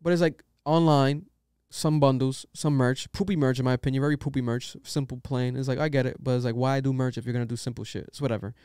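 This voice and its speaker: Brief: young male podcast host, opinionated rambling rants, smooth clear voice, dry close sound. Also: mid-range voice, fairly even intonation, fast, hardly any pauses, a little mellow, no echo. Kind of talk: casual podcast chat.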